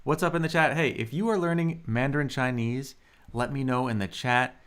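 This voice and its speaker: A man teaching Mandarin in a live online lesson. He draws out model words slowly and chats with viewers. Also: fairly bright tone, clean tone. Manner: slow, drawn-out model pronunciations with swooping pitch; friendly, chatty asides to viewers.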